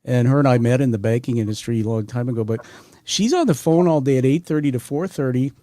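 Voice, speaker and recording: A man with a mellow, warm voice hosts a conversational podcast interview. He is middle-aged, energetic and a little rambling, and he often speaks straight to his audience. The sound is dry and close, with no room around it. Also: medium pitch, fast talker, no room sound. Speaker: podcast host.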